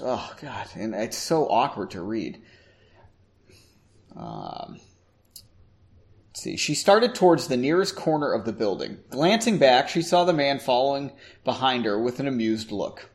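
A man's voice: medium pitch, very animated, normal speed. A man casually reading a story aloud, stumbling over words and cracking self-mocking asides. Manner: self-mocking, stumbling, clears throat often. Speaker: amateur reader.

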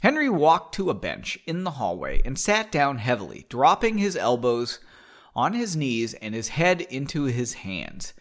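A man's voice: medium pitch, wildly swooping pitch, measured pace. A man hosting a casual show, chatting and reading his story aloud with frequent digressions and laughs. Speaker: podcast host reading his own story.

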